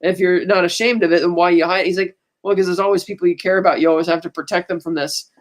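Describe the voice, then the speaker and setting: A woman's voice: fairly low pitch, fairly even intonation, fast. Woman co-host breezily retelling a film plot. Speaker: podcast co-host. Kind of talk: casual chat.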